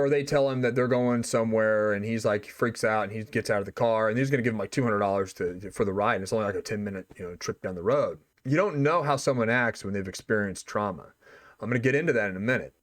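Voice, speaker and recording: A man's voice: medium pitch, fairly bright tone. A man hosting a podcast, arguing his opinions bluntly in a monologue full of swearing. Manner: blunt, heavy swearing, argumentative. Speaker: podcast host.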